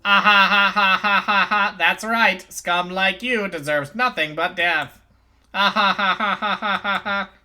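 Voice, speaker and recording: Cackling, gloating villain from a murder game as a man voices him; loud, manic, bright-edged delivery. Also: high-pitched, big pitch swings, slow, pauses often, pitched above the performer's own voice, exaggerated voice. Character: gloating cruel game mastermind.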